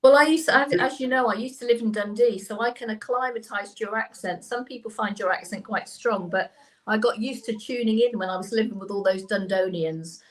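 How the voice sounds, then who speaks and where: A woman co-hosts a relaxed live chat, speaking as a tarot reader. She explains things with eager enthusiasm at a middle pitch and laughs easily along the way. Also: a little fast, low-quality recording. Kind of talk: casual live-stream chat.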